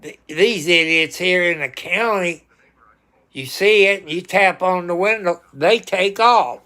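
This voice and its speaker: A man's voice: high voice, slow pace. A man chatting casually on a livestream and talking to his cats now and then. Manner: talks to his cats, sometimes scolding loudly. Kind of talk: casual chat.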